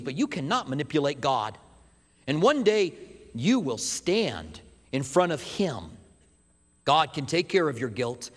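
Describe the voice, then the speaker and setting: High-voiced pastor preaching in a reverberant hall. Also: male voice. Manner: animated storyteller, drops to hushed emphasis. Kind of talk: sermon.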